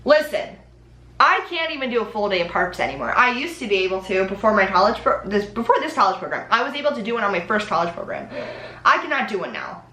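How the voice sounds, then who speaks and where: A woman's voice: mid-range voice, sing-song, fast talker, pushed and bright, roomy sound. A young woman vlogging in a casual, chatty way, with lots of ums and likes. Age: young adult. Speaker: Disney College Program vlogger. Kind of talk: casual chat.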